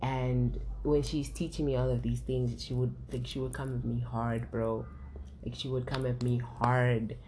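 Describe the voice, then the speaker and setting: A woman's voice: a bass voice, level tone, measured pace, noisy background. A young woman talking candidly in a casual conversation, open and emotional, swearing freely and restarting her sentences. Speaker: guest sharing her story.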